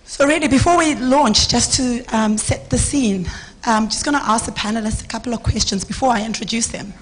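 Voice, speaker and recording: Hoarse woman moderating a panel. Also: fairly high pitch, brisk, low-quality recording. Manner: relaxed and chatty, with filler ums. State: hoarse, losing her voice. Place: conference stage.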